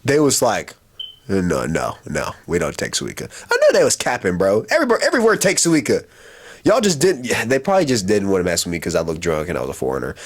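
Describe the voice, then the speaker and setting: A young man casually telling a personal story on his vlog, slangy and animated, laughing as he goes. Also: medium pitch, fast talker. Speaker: vlogger.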